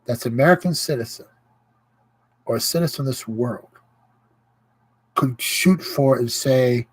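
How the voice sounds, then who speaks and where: A man hosting his own livestream, ranting with indignation and pausing to greet viewers. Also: medium pitch, lively intonation, slightly rough, rough recording. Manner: impassioned, indignant, greets viewers mid-rant. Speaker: livestream host. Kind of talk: casual livestream rant.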